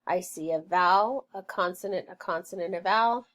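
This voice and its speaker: A woman teaching a phonics lesson, clearly sounding out words and splitting them into syllables. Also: on the low side, normal speed, a little hiss or hum. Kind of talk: slow, deliberate phonics lesson.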